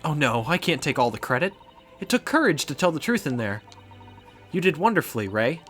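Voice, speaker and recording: A man voicing a polite, humble young woman in a video game, soft and courteous. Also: fairly high pitch, sing-song, a little fast, faint music behind, voice pushed up. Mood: modest.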